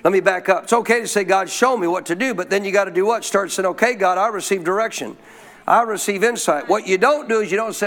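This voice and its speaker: A man with a notably high voice preaches to a congregation at a church service. He leaves blanks in his sentences for the crowd to fill in and repeats key lines for emphasis. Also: fast talker, fairly bright tone. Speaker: pastor. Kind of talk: sermon.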